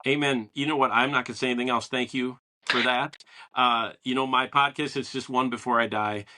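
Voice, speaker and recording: Speaking fairly quickly with a steady, sharp mid-range voice, the podcast host keeps the interview chat casual. He tells his stories with enthusiasm, acting out people's lines as he goes.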